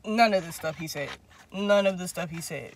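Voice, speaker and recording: A young man, the host, casually telling a long profane story, acting out quotes with big jumps in pitch. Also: normal speed, slight background noise. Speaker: vlog host.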